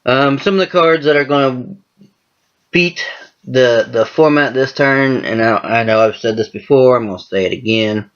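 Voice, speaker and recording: A man's voice: medium pitch, moderate pace. A man hosting a card game channel, talking casually in an exasperated, profane rant. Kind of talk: casual vlog commentary. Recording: dull lo-fi home recording.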